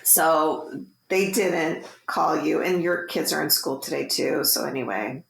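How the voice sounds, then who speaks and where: A woman in her forties, co-hosting a podcast, telling stories in casual, animated chat. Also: low-pitched, a little slow, creaky, reverberant, slight background noise. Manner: chatty, animated storyteller. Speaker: podcast co-host.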